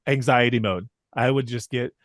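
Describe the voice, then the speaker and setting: A man's voice: medium pitch, normal speed. A man co-hosting a church podcast, telling a story and steering topics casually. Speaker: music director and podcast co-host.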